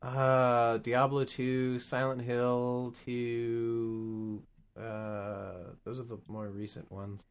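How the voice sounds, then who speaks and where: A man co-hosting a podcast in casual chat, rambling and halting, often laughing. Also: mid-range voice, flat delivery, smooth. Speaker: podcast co-host.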